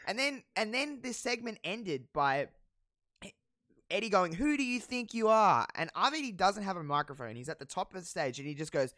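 A podcast host casually recapping a wrestling show, telling it with animated, profane storytelling and frequent laughs. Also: medium pitch, moderate pace, no room sound, clean studio sound. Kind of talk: casual chat.

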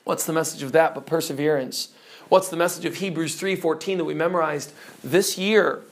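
High-voiced preacher quizzing his listeners. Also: fairly quick. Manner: emphatic, questions the listeners. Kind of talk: teaching sermon.

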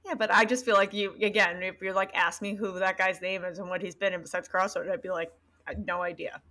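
A woman's voice: mid-range voice, flat delivery, fast talker, sharp tone. A woman co-hosting a podcast, joking bluntly in casual chat about a film. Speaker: podcast co-host.

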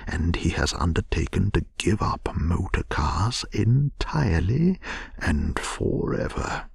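Man doing a grave old badger, gravelly and hushed. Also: deep voice, no echo, studio quality, exaggerated voice. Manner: grave, lecturing. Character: stern, wise old male badger. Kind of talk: whispered bedtime story.

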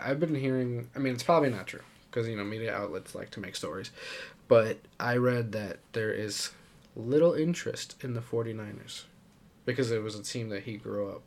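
Male podcast co-host, mid pitch, loose rambling sports chat, frequent laughs. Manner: laughs often, rambling and animated.

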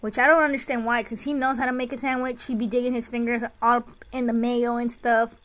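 A woman with a fairly high voice talks in a loose, chatty way. She spins everyday stories as a podcast host and mother. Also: little pitch movement, a little fast, fairly bright tone. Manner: chatty, anecdotal storytelling. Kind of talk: casual chat.

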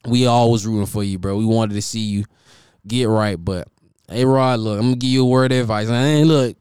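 A man's voice: fairly low pitch, steady tone, brisk, a little mellow, clear, resonant tone, dry recording, clean studio sound. A man hosting a casual football commentary monologue, teasing rival fans with profane trash talk. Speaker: sports commentator host.

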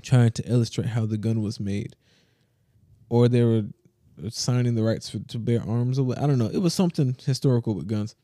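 A podcast co-host chats casually, telling stories in an animated, slangy style full of fillers while speaking close to the mic. His mid-range voice moves briskly, and the recording is dry.

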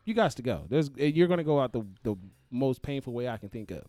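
A man in casual, profane podcast chat, loud and often laughing. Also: medium pitch, expressive, fast, no echo, soft background music.

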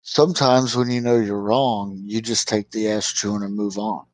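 A man chatting on a podcast, animated, retelling scenes and swearing a lot. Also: on the low side, normal speed, low-quality recording. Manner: animated storyteller, swears a lot, acts out characters' lines. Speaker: podcast co-host. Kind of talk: casual review chat.

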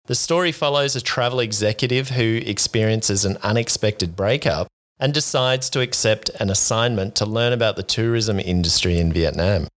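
A man's voice: lowish voice, moderate pace, a bit bright. A man co-hosting a casual podcast, dry and teasing, reading aloud with a mock-dramatic flourish. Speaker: podcast co-host.

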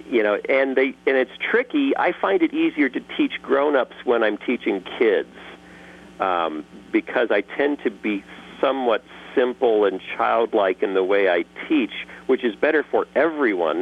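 A man answering interview questions in a casual, joking way, lively and quick to slip into voices. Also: mid-range voice, phone-quality sound. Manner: animated, jokey, slips into character voices. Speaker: guest voice actor and creator.

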